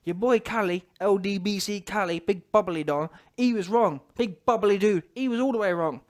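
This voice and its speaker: A man, ranting casually to camera about boxing, slangy and animated, often laughing. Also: sits high, normal speed. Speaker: boxing commentator.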